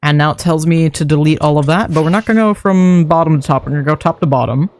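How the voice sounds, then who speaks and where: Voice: mid-range voice, fast talker, a little mellow. A streamer giving casual gameplay commentary, rambling to themself and chuckling at their own mistakes while building. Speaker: streamer building a game base.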